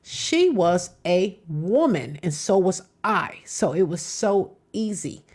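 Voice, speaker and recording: A woman's voice: fairly low pitch, big pitch swings, takes it slowly, a little mellow, husky. Emphatic middle-aged woman hosting live reactions. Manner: emphatic, talks back to clips. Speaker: reaction show host.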